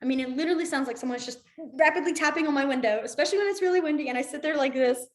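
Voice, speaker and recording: A young woman teaching a beginner sign language class over a video call from home, chatty and rambling, her voice dropping low and quiet as she shows each sign. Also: rapid-fire, roomy sound. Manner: chatty, drifts into asides, trails off quietly while demonstrating signs. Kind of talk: casual online class instruction. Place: room at home with a window. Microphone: computer mic on a video call.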